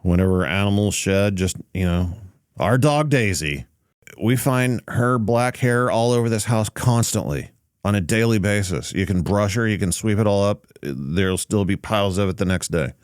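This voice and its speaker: A man's voice: lowish voice, animated, normal speed, clean tone, no echo, studio quality. A man hosting a casual podcast, easygoing and thinking aloud with frequent fillers and restarts. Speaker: podcast host.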